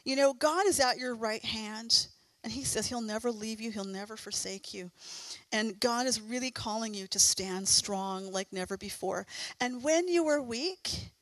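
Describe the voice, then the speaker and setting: A middle-aged woman preacher delivers a sermon with earnest, fervent encouragement. Her voice sits somewhat high, and the sound is close and dry, with little room around it. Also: measured pace, a bit bright, no room sound, poor audio.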